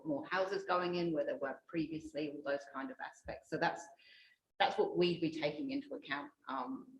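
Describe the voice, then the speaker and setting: A woman council officer giving measured advice at a hearing, recorded in an echoey room. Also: extremely low pitch, slight background noise. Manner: measured, explanatory.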